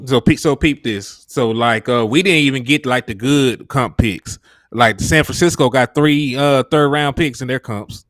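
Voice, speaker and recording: A man's voice: medium pitch, a little slow, a bit bright, no echo. Easygoing man breaking down football picks. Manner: easygoing, chatty, full of fillers. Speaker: sports show co-host. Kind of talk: casual sports analysis.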